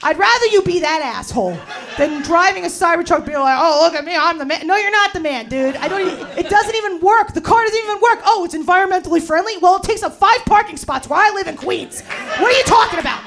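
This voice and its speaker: A woman's voice: extremely high pitch, expressive, fairly quick. Brash, profane woman comic ranting. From New Jersey. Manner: brash, profane, loud ranting delivery with slangy fillers. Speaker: stand-up comedian. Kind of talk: stand-up comedy set. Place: bar in front of a live audience. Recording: live crowd laughing in a bar. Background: audience laughter.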